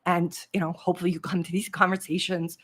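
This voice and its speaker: A woman hosting a live trading-coaching stream, chatting casually and reading out viewer comments in an animated way. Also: lowish voice, fast.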